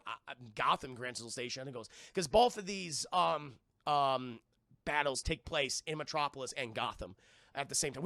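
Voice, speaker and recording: A young man livestreaming a casual, profane film recap, excitable and loudly acting out scenes. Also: medium pitch, creaky, no echo, clean studio sound. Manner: excitable, profane, acts out scenes in loud yelps. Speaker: film reviewer streaming live.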